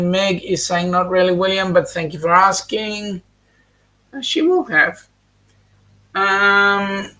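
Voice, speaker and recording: This Australian man has a higher voice with a sharp edge. He hosts a casual live stream, chatting and reading viewer comments aloud with lots of ums.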